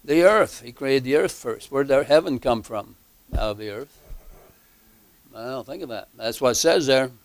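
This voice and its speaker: A man teaching a Bible class, slow and halting, with many fillers and emphatic repeats. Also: mid-range voice, no echo. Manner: emphatic repetition.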